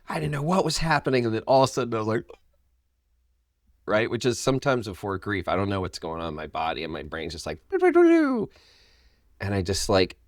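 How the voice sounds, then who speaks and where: A man with a very low voice, speaking as a guest on a podcast about his own life. He tells stories with passion and bursts into playful acted-out quotes. The sound is dry and close. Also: no room sound. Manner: animated storyteller, acts out quotes. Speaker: guest, men's wellness coach. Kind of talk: podcast conversation.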